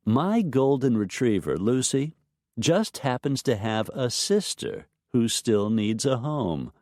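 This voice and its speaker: Man puts on a chipper young woman, teasing and sing-song, raised pitch, audiobook. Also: very animated, slow pace, a little mellow, no room sound, clean studio sound. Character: breezy confident young woman friend.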